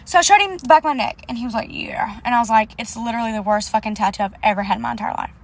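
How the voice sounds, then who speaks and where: A woman's voice: a little high, steady tone, rapid-fire, slight background noise. Blunt, profane woman telling a story. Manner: blunt, profane, indignant storytelling with quoted dialogue. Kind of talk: casual storytime vlog.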